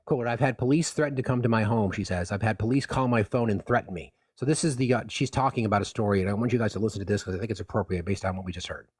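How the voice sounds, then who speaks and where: A male debate host who talks fast and bluntly, pressing his guests with pointed questions. His voice is a little husky and recorded close, with a dry sound. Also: on the low side, dry recording. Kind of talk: moderating a debate.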